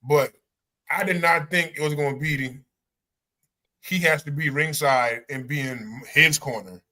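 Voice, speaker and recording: Brash high-voiced male podcast host. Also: a little slow, sharp tone. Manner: brash, trash-talking. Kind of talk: casual wrestling talk.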